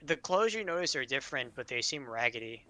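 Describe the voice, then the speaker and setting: Bright-voiced male game master. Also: medium pitch, sing-song, fast. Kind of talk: narrating a tabletop game.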